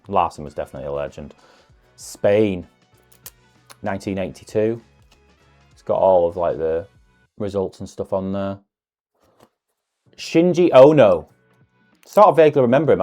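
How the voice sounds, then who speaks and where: A man talks casually through an unboxing, his voice sitting fairly low. He muses aloud with self-deprecating asides as he goes. Soft music plays faintly underneath. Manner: chatty, musing asides with self-deprecating humour. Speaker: card-opening video host.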